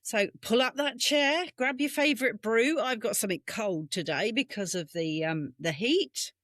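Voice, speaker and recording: A British woman from England co-hosts a podcast, telling history stories in a casual, meandering way and often correcting herself over a video call from a room at home. Her voice is a little high and fairly bright, at a normal speed, picked up by a webcam mic with studio quality and no room sound.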